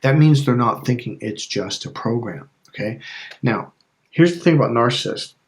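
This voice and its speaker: A man's voice: mid-range voice, expressive, normal speed. Emphatic man coaching casually. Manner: emphatic and repetitive, checks in with "okay?". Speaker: life and relationship coach.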